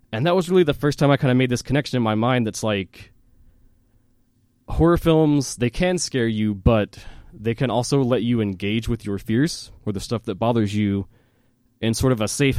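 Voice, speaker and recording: Animated male podcast storyteller. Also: mid-range voice, no echo, studio quality. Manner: animated storyteller, fillers and self-laughs. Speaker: podcast host. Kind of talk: casual storytelling chat.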